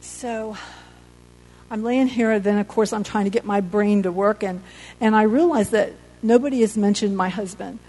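Woman, earnest faith testimony, halting and heartfelt, warm mellow tone. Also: medium pitch, rough recording. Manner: earnest, halting, emotional storytelling. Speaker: accident survivor giving testimony.

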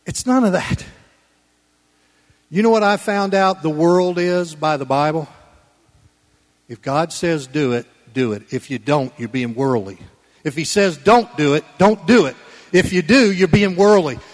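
A man preaching a Sunday sermon in church, folksy and conversational, swinging between loud emphatic lines and quiet low asides. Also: measured pace, in a large hall. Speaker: pastor.

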